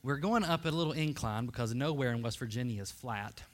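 A man's voice: medium pitch, a little fast. A man preaching a sermon, telling a funny personal story with self-deprecating asides to the congregation.

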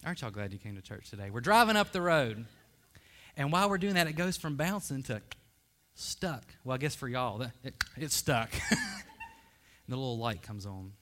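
Lively preacher telling a story. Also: male voice, medium pitch, normal speed. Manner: animated, self-deprecating storyteller addressing the congregation. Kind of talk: storytelling sermon.

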